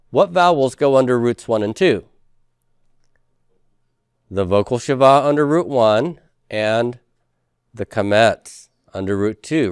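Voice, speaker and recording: Man lecturing a class, smooth dry voice. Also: fairly low pitch, dry recording. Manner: asks questions and answers them himself, drills students. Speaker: professor.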